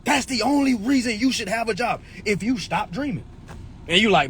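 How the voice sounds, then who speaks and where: Animated young man, blunt and preachy. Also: extremely high pitch, a little fast, a little hiss or hum. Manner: blunt, preachy, swearing freely. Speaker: livestream host. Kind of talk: profane motivational talk.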